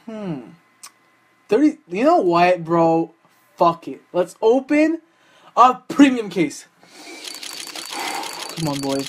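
Young man, gaming commentary, excitable, swears a lot, hype and groans, desktop mic. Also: high-pitched. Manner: excitable, profane, swings between hype and groaning despair. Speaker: gaming channel host. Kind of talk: live commentary while opening game cases.

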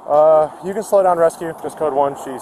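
A man's voice: on the high side, brisk. A male police officer at a crash scene giving urgent, repeated commands and radio calls. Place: roadside outdoors by traffic. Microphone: body camera. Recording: bodycam with loud traffic noise.

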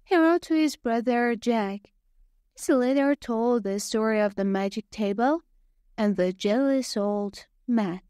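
A woman reading a story aloud slowly and carefully for English learners. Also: a little high, dark tone, no echo, studio quality. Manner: slow, careful, clearly spaced reading. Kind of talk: slow scripted story narration.

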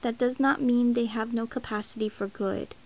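A woman reading the lines of a calm, gentle young prince in a mild, even voice. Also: fairly high pitch, moderate pace, natural voice.

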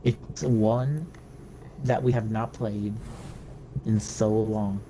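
A man's voice: on the low side, steady tone, slow pace, dark tone, a little hiss or hum, rough recording. A young man joking around and giggling through casual gameplay chat. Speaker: gaming co-player.

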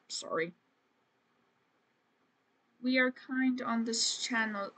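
A woman streamer with a high, bright, forceful voice talks slowly while playing a life-sim game. Her commentary is casual, chatty and self-deprecating, and she keeps saying "man" and "frickin'."

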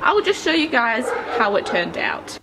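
A woman's voice: on the high side, very animated, normal speed, background noise. A young Australian woman chatting casually to viewers in a home vlog, recorded on a handheld camera. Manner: chatty, confiding to viewers, drops to a whisper at times. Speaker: vlogger mum. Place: house and backyard.

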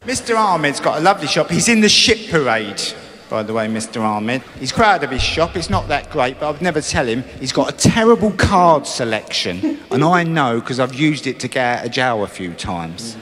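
A man's voice: mid-range voice, very animated, normal speed, fairly bright tone. A man performing a stand-up comedy routine, telling a story with swearing and acted-out panicky quotes, in a large live venue. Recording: echoey hall with ambient noise.

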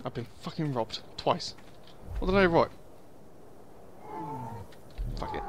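A man's voice: a little high, animated, takes it slowly, heavy background noise. A young man giving casual, sweary commentary over a survival game, muttering asides to himself. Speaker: gaming video host.

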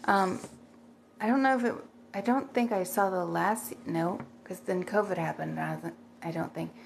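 A woman's voice: lowish voice, normal speed, creaky, slight background noise. A middle-aged woman chatting casually on a livestream, rambling and thanking viewers by name as she reads their comments.

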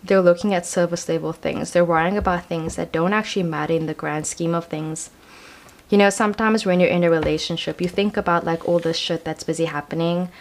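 A young woman giving a casual tarot card reading, talking in a chatty, slangy way full of "like" and "I feel like". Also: fairly low pitch. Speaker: tarot reader.

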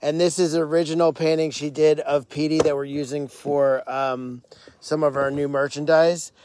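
A man with a fairly high voice hosts a casual live stream from an animal sanctuary at night. He talks with eager enthusiasm and rambles through lots of fillers. The sound comes from a handheld phone outdoors. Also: flat delivery, normal speed, background noise.

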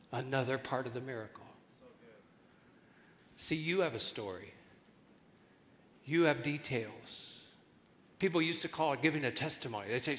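A man preaching a sermon as pastor, telling stories and acting out voices in his jokes. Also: medium pitch. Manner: animated storytelling, acts out voices in jokes. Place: large church hall. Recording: reverberant church hall.

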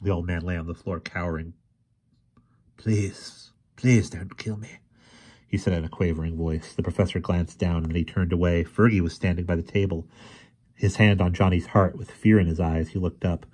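A man reading a novel chapter aloud in a steady, measured way. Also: deep voice. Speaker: storyteller.

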